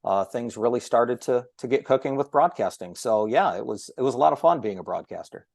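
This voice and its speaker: A man guest on a podcast, telling a story about his broadcasting start in a lively, chatty way and acting out what others said. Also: mid-range voice, fairly quick, creaky, no room sound, clean studio sound. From Ohio. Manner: animated storyteller who acts out quoted voices. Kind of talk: storytelling in casual chat.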